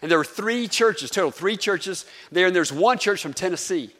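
A man's voice: sits high, expressive, normal speed, a bit bright. Southern man preaching in a reverberant hall. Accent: Southern American, North Carolina. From North Carolina. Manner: conversational preaching, questions to the congregation. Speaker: pastor. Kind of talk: sermon.

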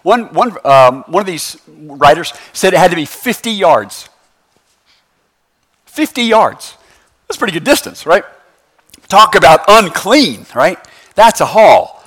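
A pastor preaches a sermon in a church in a loose, lively, conversational style, tossing in slangy phrases and constantly checking in with the congregation by asking "right?" His voice is high-pitched and unhurried, with long pauses.

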